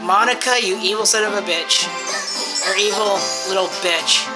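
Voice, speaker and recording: Woman, let's-play host, mid-range voice; reads game text aloud and cuts in with rattled curses, over loud game music. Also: mid-range voice, steady tone, moderate pace. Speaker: gaming channel host. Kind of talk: let's-play reading of a visual novel.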